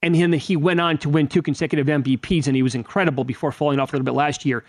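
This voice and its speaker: A man from Wisconsin hosting sports talk radio in a loose, conversational way. His voice sits a little high. The studio sound is dry. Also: steady tone, racing, no room sound. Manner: conversational, with filler and restarts. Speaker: radio sports show host.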